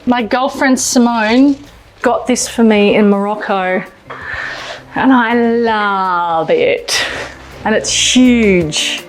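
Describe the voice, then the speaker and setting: A woman's voice: fairly high pitch, takes it slowly. An Australian woman hosting a casual cooking demonstration in a home kitchen, chatty and enthusiastic, often exclaiming. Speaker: cooking show host. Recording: music playing underneath.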